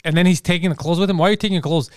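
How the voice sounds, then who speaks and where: A man's voice: high voice, very fast, no room sound, studio quality. A man co-hosting a podcast in casual banter, teasing crudely and laughing a lot. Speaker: podcast co-host.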